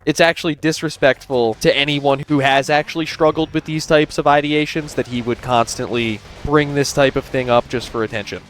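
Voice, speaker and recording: A man commentating on his live stream in a mid-pitched voice. He lays out his points in an indignant, explanatory tone. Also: steady tone, brisk, few pauses, a little hiss or hum.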